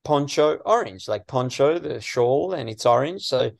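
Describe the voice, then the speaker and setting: An Australian man from western Sydney, a comedian guest in a casual interview, chatty and full of "you know"s and lively asides. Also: mid-range voice, normal speed, vocal fry, dry recording, clean studio sound.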